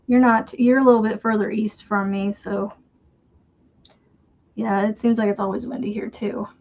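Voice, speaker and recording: A woman's voice: mid-range voice, steady tone, moderate pace, darkish tone, lo-fi sound, slight background noise. A woman with a faint Southern American accent, hosting a crochet livestream and chatting casually with viewers, rambling and laughing often.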